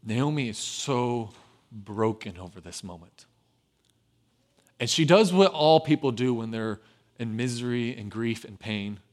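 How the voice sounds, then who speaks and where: A man preaching a sermon as pastor, dropping to a hushed, tender voice and then rising loud and urgent. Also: mid-range voice, expressive, a little slow.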